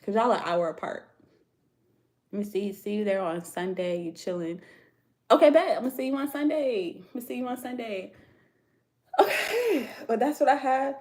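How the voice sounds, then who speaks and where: A woman's voice: on the high side, animated, moderate pace, long pauses, darkish tone. Chill american lady chatting on a home livestream, slangy, laughs a lot, voice swings up and down. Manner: laid-back slangy talk, laughs often. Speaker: tarot reader livestream host. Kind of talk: casual livestream chat with viewers.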